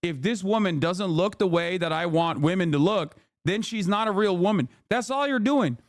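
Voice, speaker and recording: A man hosting a live stream, giving heated, profane commentary with loud, mocking outbursts. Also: high voice, expressive, dry recording, studio quality. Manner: quick, sharp bursts into loud outbursts. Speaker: streamer host.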